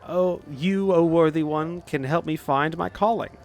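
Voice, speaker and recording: A man's voice: on the high side, a little slow, gravelly, a little mellow. A man voicing a flowery female foreign traveler in a video game, reading her ornate lines in his own voice. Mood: grandiose. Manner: ornate, solemn phrasing.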